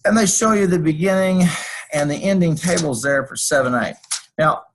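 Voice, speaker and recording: A man's voice: on the high side, expressive, moderate pace, slight background noise, poor audio. A man teaching a class over a screencast, walking through code and drifting into folksy personal stories. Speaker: college instructor. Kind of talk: screencast lecture.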